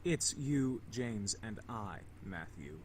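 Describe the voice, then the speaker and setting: A man's voice: lowish voice, animated, slow, slight background noise. An actor voicing a polite, composed male incubus in a dating game, speaking formally and courteously.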